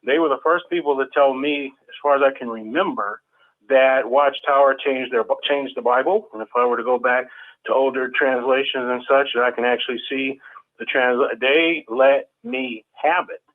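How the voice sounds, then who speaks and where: A man's voice: mid-range voice, steady tone, moderate pace. A man talking in an earnest, casual way in a group discussion, often stammering and restarting. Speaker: ex-Jehovah's Witness panelist. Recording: tinny phone-like line.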